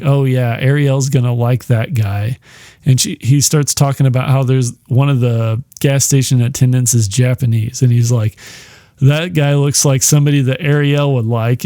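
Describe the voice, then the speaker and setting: A man's voice: medium pitch, warm tone, no echo, clean studio sound. A man hosting a podcast, rambling casually and profanely through a film comparison, chuckling often and using lots of fillers. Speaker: podcast host.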